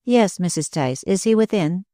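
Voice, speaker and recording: In an audiobook character reading, a narrator voices a proud, bitter young woman in a steady, bitter manner, pitching above his or her own voice while staying close to an everyday sound. The voice is mid-range at normal speed, recorded at studio quality with no echo.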